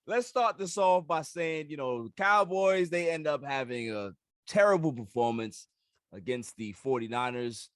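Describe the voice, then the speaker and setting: Teasing New York podcast host. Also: male voice, a little high, moderate pace, no room sound, clean studio sound. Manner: lively, teasing. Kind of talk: casual podcast hosting.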